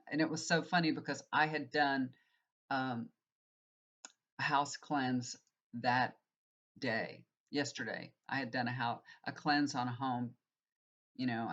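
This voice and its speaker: A woman's voice: very deep voice, fairly bright tone. Earnest rambling woman, dull lo-fi sound. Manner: rambling, earnest, many fillers. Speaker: tarot reader and healer. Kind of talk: casual spiritual monologue.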